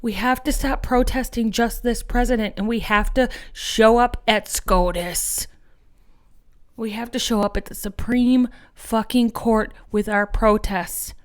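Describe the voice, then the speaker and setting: A woman's voice: a little high, fairly even intonation, measured pace. A woman hosting an activist podcast, delivering an angry, profane political monologue and rallying her listeners as friends.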